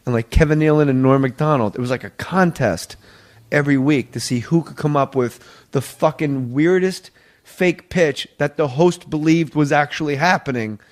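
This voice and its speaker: A man in a casual podcast chat, telling animated, swearing anecdotes about his days as a sketch comedy writer and acting out the quotes. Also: fairly high pitch, moderate pace.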